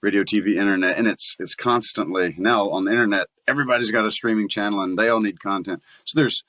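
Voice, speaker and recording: Easygoing Southern man, low voice. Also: quick pace, bright, forceful tone. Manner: easygoing and chatty, laughs often. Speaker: voice actor guest. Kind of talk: casual interview chat.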